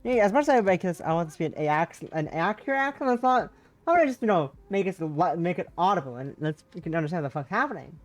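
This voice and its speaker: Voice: medium pitch, big pitch swings, fast talker. Rambling streamer mid-playthrough. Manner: rambling, self-interrupting, swears casually. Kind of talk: livestream visual novel playthrough.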